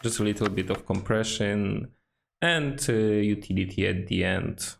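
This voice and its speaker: Gravelly slow-talking man with lots of fillers. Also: on the low side, a little hiss or hum. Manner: hesitant, many fillers and restarts. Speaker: music producer. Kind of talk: casual tutorial walkthrough.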